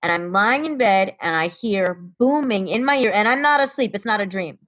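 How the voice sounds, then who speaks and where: A woman's voice: mid-range voice, lively intonation, normal speed, fairly bright tone, highs cut off. A woman from Connecticut, a comedian guest, telling a story in casual talk and acting out the voices of the people in it.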